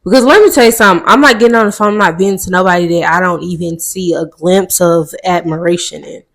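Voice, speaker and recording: A woman's voice: lowish voice, fast, creaky. A woman co-hosting a podcast in casual chat, talking emphatically and a little preachy, speeding up when she makes her point. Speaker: podcast co-host.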